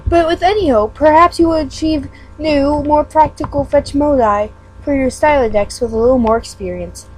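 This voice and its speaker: A woman's voice: sits high, normal speed, a little mellow, faint music behind, poor audio. A woman giving a casual read-aloud of a webcomic. She stumbles over words and breaks off into self-mocking asides. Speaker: fan reader.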